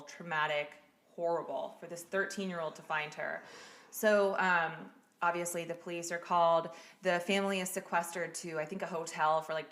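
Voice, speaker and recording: A woman's voice: fairly low pitch, fairly bright tone. A woman hosting a podcast, telling a true-crime case in a casual, blunt way and swearing freely. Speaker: podcast host. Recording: echoey room.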